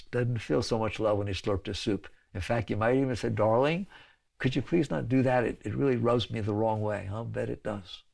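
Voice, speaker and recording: A man's voice: mid-range voice, creaky. A man teaching a spiritual talk to an audience, conversational, often checking in with "right?" and "okay?" and laughing between points.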